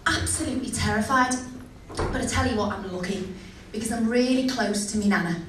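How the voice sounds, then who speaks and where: A woman's voice: on the high side, fairly quick, background noise. A young woman doing a cheeky, chatty stand-up set, asking the crowd questions. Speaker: stand-up comedian. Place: comedy venue. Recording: echoey venue, distant mic.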